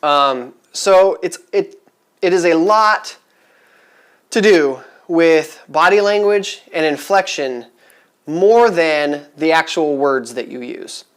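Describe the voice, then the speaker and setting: A man's voice: a little high, animated, takes it slowly, clean tone. A man talking casually to camera in a vlog, chatty and rambling with many fillers, upbeat and eager. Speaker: vlogger giving resale advice.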